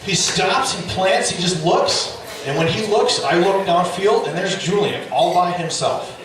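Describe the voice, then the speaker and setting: A middle-aged man doing stand-up storytelling, animated and profane, with loud yelling bursts. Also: high-pitched, a little slow, noisy background. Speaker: stand-up comedian. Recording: echoey club, distant mic, audience. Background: audience laughter.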